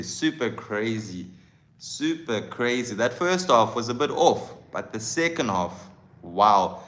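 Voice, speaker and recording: Passionate bright-voiced football fan host. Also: male voice, mid-range voice. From South Africa. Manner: passionate, chatty, greets viewers by name. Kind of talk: live-stream fan commentary.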